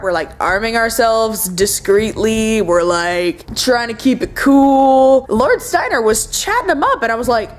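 A woman's voice: fairly high pitch, unhurried, few pauses. A young woman vlogger telling a story in a casual, joking way, playfully acting out the people she quotes. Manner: lively, quotes people in put-on voices; jokey and self-mocking. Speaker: LARP vlogger.

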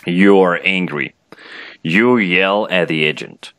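A man's voice: low voice, normal speed, a bit bright. A man whose first language is Russian, teaching English in an online lesson by reading a story aloud and asking questions. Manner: reads a story aloud, then asks questions.

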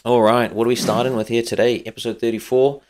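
A man's voice: medium pitch, level tone. New Zealand man, young adult, podcast co-host, joking banter, rattles off plugs. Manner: jokey, rattles off plugs quickly. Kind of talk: casual chat.

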